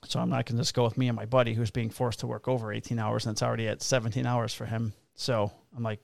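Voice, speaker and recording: A male police officer tells work stories in casual chat, full of swearing and flat blunt remarks. His voice has a gravelly rasp. The sound is dry and close, with no room around it. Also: medium pitch, quick pace, no echo. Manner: profane, blunt, laughs at his own stories.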